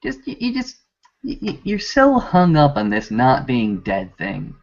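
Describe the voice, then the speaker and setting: A man's voice: mid-range voice, huge pitch swings, unhurried, creaky, exaggerated voice. A man voicing a cruel, taunting male vampire captor in a mocking, menacing way, on a dull lo-fi recording.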